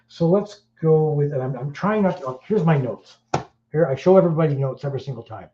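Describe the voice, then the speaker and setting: A man's voice: fairly high pitch, expressive, fairly quick, a little hiss or hum. Blunt rambling man, roomy dull recording. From Wales. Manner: blunt, crude, rambling with many fillers. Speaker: podcast host. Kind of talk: casual chat.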